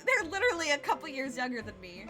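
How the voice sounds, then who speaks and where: A woman's voice: high voice, sing-song, quick pace, sharp tone, soft background music. A woman in her twenties streaming a video game, chatting casually and rambling with lots of fillers. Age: 20s. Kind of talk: casual gameplay commentary.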